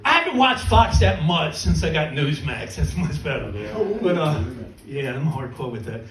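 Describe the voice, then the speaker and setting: Animated middle-aged male comedian, roomy club. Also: on the high side, normal speed. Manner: animated, self-mocking storytelling with punchlines. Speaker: stand-up comedian. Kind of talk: stand-up comedy set. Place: small comedy club stage. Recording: roomy venue, mic from a distance, laughing crowd. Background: audience laughter.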